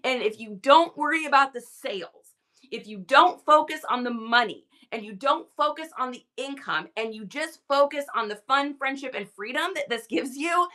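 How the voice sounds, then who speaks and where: A woman's voice: high voice, moderate pace, sharp tone. A middle-aged woman hosting a live reselling stream, chatting casually with lots of energy and enthusiastic tangents. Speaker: livestream reseller host. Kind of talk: casual livestream chat.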